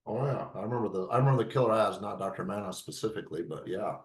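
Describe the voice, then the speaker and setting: A podcast co-host prompts his partner to tell his story, speaking unhurriedly. His voice is on the low side. The sound is roomy, with a clear echo around him. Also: expressive, rapid-fire. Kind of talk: interviewing.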